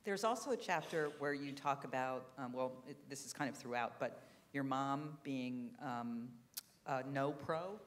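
A woman interviewer on a live event stage, asking questions with frequent pauses and fillers. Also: very deep voice. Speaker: interviewer, books editor.

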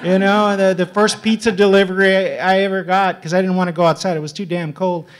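A man from Texas, a writer on a panel, telling humorous personal stories in an animated way, laughing often and stumbling over repeated words as he starts sentences. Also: sits high, brisk, smooth. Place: live panel event.

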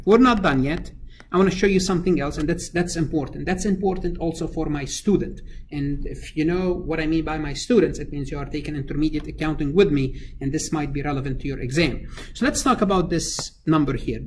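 A man's voice: a little high, slight background noise. Man lecturing, thinking aloud over numbers. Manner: thinks aloud while working numbers, many fillers and restarts. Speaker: accounting lecturer. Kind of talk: recorded screen-capture lecture.

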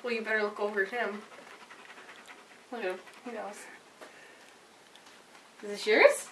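A woman's voice: medium pitch, slow pace, pauses often, fairly bright tone, slight background noise. A woman talking to her dog in a coaxing, sing-song way while filming a home video indoors. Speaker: dog owner.

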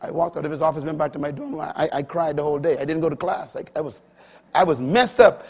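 Husky man in his fifties, slightly high voice, emphatic preacher swinging loud to soft. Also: fast. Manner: emphatic, swinging between loud declarations and quiet asides. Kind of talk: sermon.

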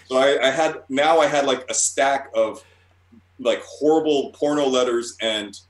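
A man's voice: mid-range voice, unhurried. A man, a guest cartoonist, telling loose and profane stories in a casual interview and laughing at himself. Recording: roomy echoey room.

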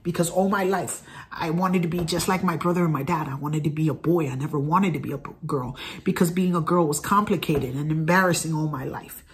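A man's voice: fairly high pitch, steady tone, brisk, a little hiss or hum. A man in his thirties, talking casually to camera as a vlogger in an earnest, rambling way and repeating phrases. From United States. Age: 30s. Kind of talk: casual direct-to-camera vlog.

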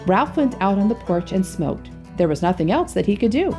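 Brief: female storytime narrator, expressive reading, mellow voice with lots of pitch movement. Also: fairly quick, soft background music. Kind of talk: reading a classic short story aloud.

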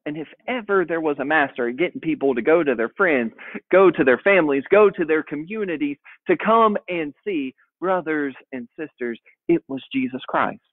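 Thirty-something pastor telling a story in a sermon, folksy, stumbles over words, high-ish voice, tinny dry sound. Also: male voice, expressive, moderate pace, no room sound. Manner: conversational, folksy, frequent word repeats.

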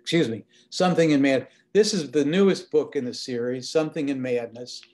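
A man, an author, giving a talk and reading from his novel in a conversational, halting way. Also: medium pitch, a little mellow. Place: event hall.

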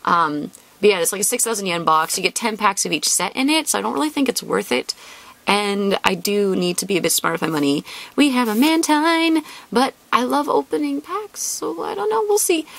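A woman chatting casually and excitably as she opens card packs for her channel. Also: medium pitch, a little fast, gravelly, no echo. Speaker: trading card YouTuber. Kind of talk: casual chat while opening card packs.

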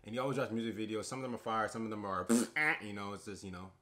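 A man's voice: fairly low pitch, fast, fairly bright tone. A man co-hosting a reaction video, talking casually and slangily and laughing often. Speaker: reaction channel co-host.

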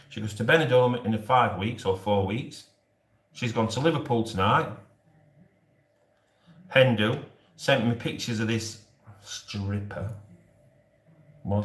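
A Yorkshire man in his forties chats loosely to viewers on a live stream, cracking jokes and laughing as he goes. His voice sits at an ordinary middle pitch and carries a roomy echo from the space around him. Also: fairly bright tone. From Yorkshire, England. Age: 40s. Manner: jokey and rambling, often laughing.

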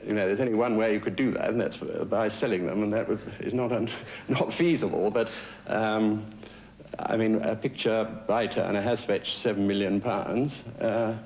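A man's voice: on the low side, steady tone, normal speed, darkish tone, a little hiss or hum. A man answering an interview question hesitantly, with many fillers and restarts. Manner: hesitant, full of uhs and restarts.

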